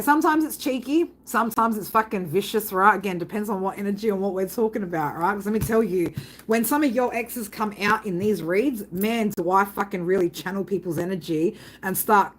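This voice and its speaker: A woman's voice: medium pitch, poor audio. Blunt, foul-mouthed woman tarot streamer. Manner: swears constantly, blunt and animated, keeps asking "right?"; breaks into loud laughter reading chat comments. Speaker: psychic tarot reader hosting a live stream. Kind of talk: casual live-stream chat with viewers.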